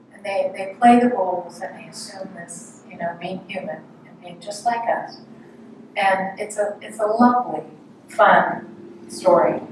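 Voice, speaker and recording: A woman giving a gentle, storytelling sermon in a large room, heard from a distant mic. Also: medium pitch, very echoey, noisy background. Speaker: speaker at a spiritual service.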